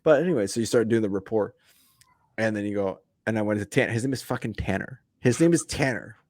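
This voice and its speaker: A man's voice: fairly low pitch, lively intonation, quick pace, darkish tone, no room sound, clean studio sound. A man hosting a podcast, telling stories in a laid-back way and laughing as he goes. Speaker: podcast host. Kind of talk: casual storytelling chat.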